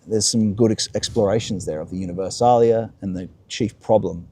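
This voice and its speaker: A man's voice: fairly low pitch, brisk, mellow, slight background noise. A man hosting a live-streamed talk while walking outdoors, musing and answering his own questions. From Australia. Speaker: host. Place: outdoors by the coast.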